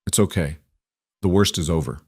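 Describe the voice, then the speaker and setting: A man voicing a calm single father who talks in a reassuring, practical way. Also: low-pitched, normal speed, slightly rough, no room sound, clean studio sound.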